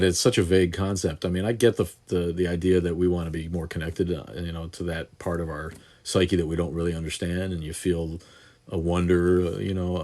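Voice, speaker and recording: A man's voice: low voice, a little mellow. A man in his sixties hosting a casual live-stream Q&A, answering viewers in a rambling, profane way with many restarts. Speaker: host answering viewer questions. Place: home studio in southeast Wisconsin.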